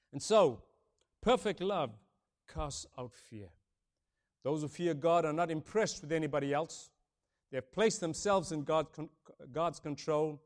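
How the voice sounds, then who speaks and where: A man over fifty from Africa preaching a sermon, booming on key points, then dropping low and soft, and repeating his phrases. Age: older, over fifty. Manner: swings between booming emphasis and hushed softness, repeats key phrases.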